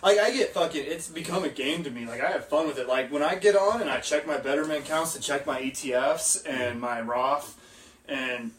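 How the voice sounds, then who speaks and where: A man in his twenties co-hosting a casual live-streamed podcast, loose, excitable and heavy on the swearing. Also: fairly high pitch, brisk, far from the mic, slight background noise. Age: 20s. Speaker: podcast co-host. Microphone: phone recording. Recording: roomy echo, a bit off-mic.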